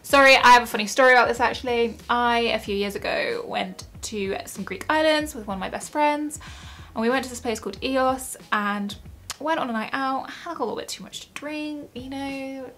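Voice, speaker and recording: A young woman talks into her camera at home in a fairly high voice. She is giggly and self-mocking, sounding words out haltingly and laughing at her own attempts. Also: fairly bright tone. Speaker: YouTuber. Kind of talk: casual vlog chat.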